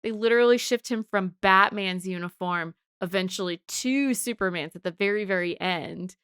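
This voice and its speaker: A woman talks through a comic's themes with a thoughtful, analytical manner. Her voice is smooth and clear, and it is recorded close and dry with no room sound. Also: medium pitch, normal speed, a bit bright, no room sound. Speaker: podcast co-host. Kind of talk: casual discussion of comics and psychology.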